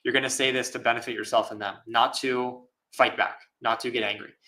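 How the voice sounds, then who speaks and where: Monk guy answering questions live, bright voice, laid back, lots of you knows and little laughs. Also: medium pitch, steady tone, brisk, poor audio. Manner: casual, thoughtful, laughs often, many fillers. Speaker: Buddhist monk. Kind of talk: live Q&A dharma talk.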